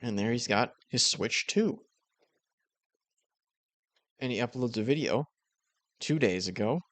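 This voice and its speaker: A man's voice: mid-range voice, animated, a little slow, a bit bright, dry recording. A man giving casual, mocking commentary on another creator's video. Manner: sarcastic, mocking. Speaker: commentary YouTuber.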